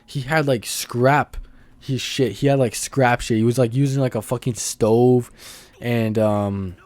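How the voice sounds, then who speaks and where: A man's voice: medium pitch, steady tone, unhurried, darkish tone. A young man rambling in a casual, profane, slang-heavy monologue about hobbies, often breaking into laughter. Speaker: vlogger. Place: outdoors near a road.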